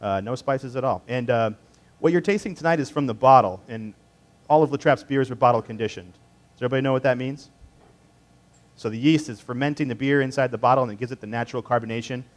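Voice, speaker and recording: Man, 30s, beer tasting presenter, casual, rambling, mid-pitched voice. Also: quick pace. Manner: conversational, rambling with fillers and restarts. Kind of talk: casual tasting class talk with personal story. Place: indoor tasting class.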